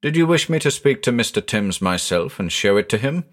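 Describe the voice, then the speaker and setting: A man voicing a polite, reserved gentleman researcher who speaks precisely, in a storybook reading. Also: mid-range voice, sing-song, fairly quick, natural voice. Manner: courteous and precise.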